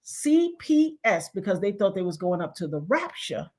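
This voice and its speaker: A woman hosting a casual chat, telling stories in an animated way and acting out the people she quotes. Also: mid-range voice, normal speed. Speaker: show host.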